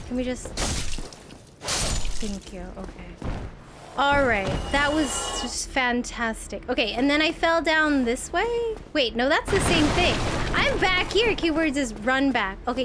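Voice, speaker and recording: Woman streamer, high lively voice, excitable, shouty, gasping, loud game music behind. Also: background noise. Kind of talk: gameplay commentary.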